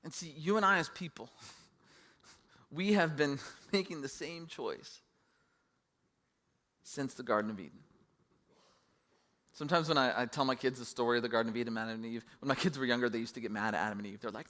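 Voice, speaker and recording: A man's voice: mid-range voice, a little fast, pauses often, fairly bright tone. A middle-aged man preaching a sermon as pastor, conversational and self-deprecating.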